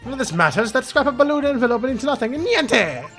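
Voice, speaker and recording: A woman's voice: high voice, very animated, a little fast, a bit bright, voice pushed up, exaggerated voice. Brief: boastful Italian balloonist, woman doing the voice, slippery, music bed behind. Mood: smug. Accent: put-on Italian. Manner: sly, wheedling, sprinkles Italian words. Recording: game music playing behind.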